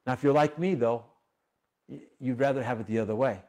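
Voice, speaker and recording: A man's voice: mid-range voice, brisk, darkish tone. A male pastor preaching a sermon, telling a story with animation and acting out its characters.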